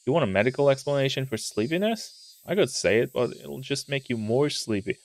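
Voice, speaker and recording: A man's voice: animated, fairly quick, natural voice. A man doing a lazy joking teen girl. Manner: lethargic, low-key. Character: lazy teenage girl class rep, joking.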